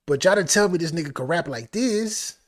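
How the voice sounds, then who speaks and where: Guy reacting to an album live, hyped up, says stuff twice, kinda high voice. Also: brisk. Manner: excited, exclaims and repeats phrases. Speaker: music reaction host.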